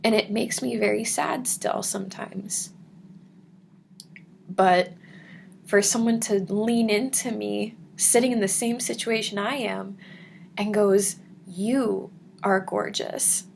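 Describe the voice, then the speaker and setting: A young adult woman vlogger telling a personal story to camera in an earnest, emotional, soft-spoken way. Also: medium pitch, fairly even intonation, slow pace, vocal fry, long pauses, a little hiss or hum.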